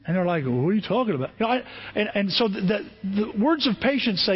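A pastor preaching a sermon, telling everyday stories in a lively way and often restarting his phrases. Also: high voice, fast talker, slightly rough, muffled recording. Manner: storytelling, animated, repeats and restarts phrases.

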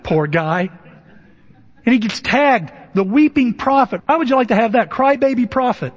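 High husky guy preaching, jokey and chatty, dull sound bouncing round a big church hall. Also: expressive. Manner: conversational and humorous, acting out Bible figures in quick asides. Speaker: pastor. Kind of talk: sermon. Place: church sanctuary.

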